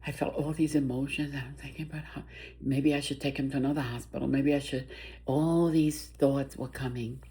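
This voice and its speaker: An older mother tells a personal story of grief. Her voice is soft and emotional, and she often stops and restarts her sentences. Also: rumbling low, fairly even intonation, moderate pace. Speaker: bereaved mother.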